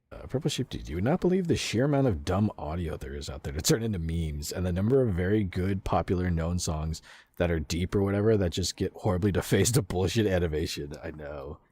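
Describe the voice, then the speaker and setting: Deep-voiced chatty American male streamer. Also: a little mellow, no echo. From United States. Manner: chatty, laughs often, swears casually, reads out chat. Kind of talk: casual live gameplay commentary.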